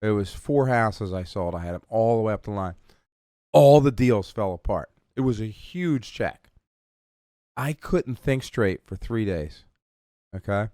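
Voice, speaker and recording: A man's voice: on the low side, measured pace, dry recording, studio quality. A man hosting a podcast, talking casually and with emphasis, often checking in with the listener. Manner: animated and emphatic, often tags "okay?". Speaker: podcast host. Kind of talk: motivational casual talk.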